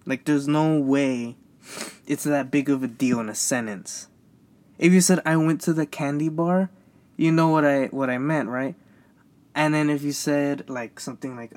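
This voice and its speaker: A man's voice: on the high side, steady tone, moderate pace, a little mellow. A young man rambling in a casual solo podcast, stammering and repeating himself, frustrated and venting. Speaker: podcast host.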